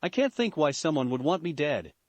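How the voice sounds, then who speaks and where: A courteous teenage schoolboy speaks mildly and calmly, as a man reads him. The voice sits slightly high and moves around a lot. It is recorded dry and close. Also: a little fast, dry recording. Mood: polite. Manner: polite, mild. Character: earnest, polite teenage schoolboy, unflappable.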